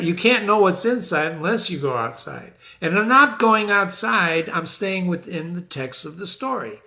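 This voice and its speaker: A man in his sixties giving a literature lesson, asking his listeners many questions and reading quotes slowly. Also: a little high, bright, forceful tone. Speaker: literature teacher. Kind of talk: lively literature lecture.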